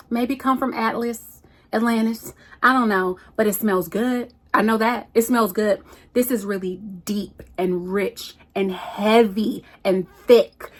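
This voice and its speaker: A woman's voice: on the high side, a bit bright. A woman chatting casually about perfumes, sassy and playful, calling her viewers "y'all" and "girl". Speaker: perfume vlogger. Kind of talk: casual chat reviewing perfumes.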